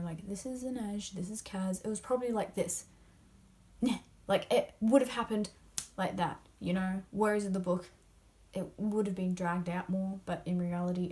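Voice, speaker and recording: A young woman who makes book videos gushes about a novel she loved, discussing spoilers casually. Her medium-pitched, darkish voice is packed with fillers and often drops to a whisper.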